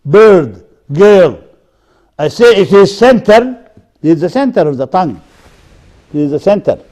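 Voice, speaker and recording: A man lecturing at a university, deliberately drilling example words one by one. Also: high voice, big pitch swings, darkish tone. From Sudan.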